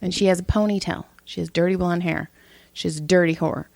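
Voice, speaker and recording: A middle-aged woman co-hosting a podcast tells profane family stories bluntly, acting out what everyone said in casual chat. Her voice is on the low side, steady and a little fast, with vocal fry and a slightly mellow quality. There's no room sound at all.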